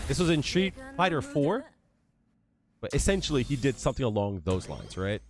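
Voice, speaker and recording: Animated, profane man streaming. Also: mid-range voice, normal speed. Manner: profane, emphatic storytelling. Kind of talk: casual livestream chat.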